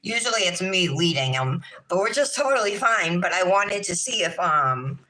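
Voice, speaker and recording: Woman, 30s, nail vlog host; sing-song, chatty, bright tone sitting a little low. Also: lively intonation, moderate pace, rough recording. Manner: sing-song, chatty, talks to chat viewers. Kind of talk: casual livestream chat while doing nails.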